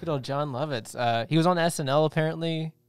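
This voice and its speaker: A man's voice: on the high side, fast talker, clear, resonant tone, dry recording. A young man co-hosting a casual podcast, rambling and joking with many restarts. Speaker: podcast co-host. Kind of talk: casual chat.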